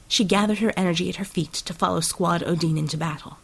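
Gravelly, husky woman narrating an audiobook. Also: on the low side, fast talker, rough recording. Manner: steady, dramatic storytelling.

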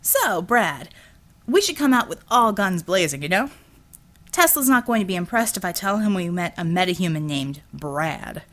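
A woman's voice: on the low side, sing-song, fairly bright tone. A woman doing a cocky leering male hero. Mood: wry teasing. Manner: brash, teasing, fast-talking salesman patter. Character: cocky scheming male superhero, leering and glib.

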